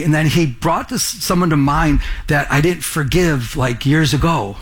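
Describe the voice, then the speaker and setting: A middle-aged man preaching a sermon as a pastor, telling stories with lively acted-out dialogue. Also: fairly high pitch, a little slow, husky. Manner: animated storytelling, acts out dialogue.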